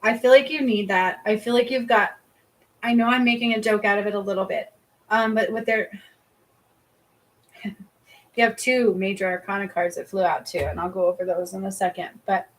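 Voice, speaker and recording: A woman's voice: medium pitch, fairly even intonation, fairly quick, a bit bright, low-quality recording. A woman reading cards and giving healings on a casual livestream, chatty, laughing often and swearing casually. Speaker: psychic reader and energy healer.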